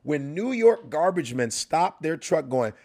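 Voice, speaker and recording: A man's voice: on the high side, measured pace. A man telling stories in a casual interview, laughing often and jumping into impressions of other voices. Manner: animated storyteller slipping into celebrity impressions, laughing often. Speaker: comedian guest.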